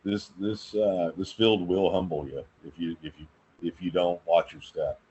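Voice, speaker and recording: A husky man with a lowish voice tells stories from the hangar floor in a lively, conversational way, doubling back on words as he goes. His voice comes through a somewhat dull, lo-fi recording. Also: moderate pace. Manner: animated storyteller, repeats words while thinking. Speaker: aircraft quality control inspector, guest. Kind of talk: casual storytelling conversation.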